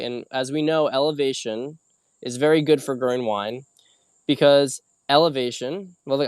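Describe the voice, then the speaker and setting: Smooth-voiced man chatting, dry close sound. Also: medium pitch, dry recording. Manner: rambling, self-correcting, conversational teaching. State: a little tired after a long hike. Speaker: host. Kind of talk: casual solo video chat and wine lesson.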